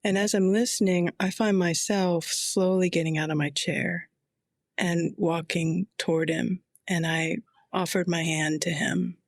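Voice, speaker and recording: Brief: middle-aged woman chaplain, reflective storyteller, quiet intensity, very slow pace. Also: on the low side, steady tone, no room sound, clean studio sound. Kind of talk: personal storytelling.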